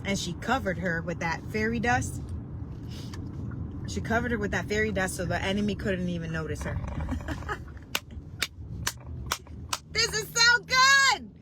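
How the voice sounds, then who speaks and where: A woman preaching with deep emotion, telling a story that builds toward heartfelt cries. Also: brisk, very noisy. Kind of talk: impassioned devotional preaching.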